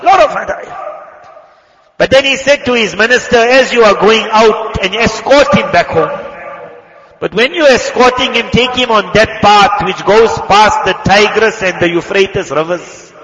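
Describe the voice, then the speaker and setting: A man preaching a fervent sermon, telling a story and quickly reciting Arabic prayers. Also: high-pitched, a bit bright. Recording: echoey hall, muffled lo-fi sound.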